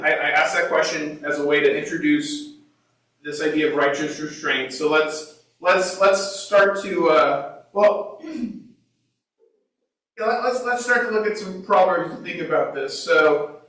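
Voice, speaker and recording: A man's voice: on the high side, pushed and bright. A man leading an informal Bible class, talking conversationally and asking the group questions. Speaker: Bible study teacher. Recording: echoey room, mic far away.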